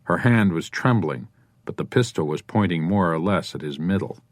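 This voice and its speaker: Low-voiced male audiobook narrator. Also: animated, moderate pace, no room sound, clean studio sound. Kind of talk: scripted narration.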